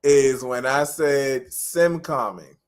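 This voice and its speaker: A man's voice: medium pitch, slow, clear, resonant tone. A man coaching interpreters in a live-stream feedback lesson. He explains things patiently and encouragingly, repeating his key phrases.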